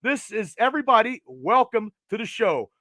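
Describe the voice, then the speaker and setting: A man's voice: high-pitched, big pitch swings, moderate pace, pushed and bright, dry recording. A man hosting a sports podcast, enthusiastic and talkative. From United States. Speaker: podcast host. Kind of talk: casual sports podcast chat.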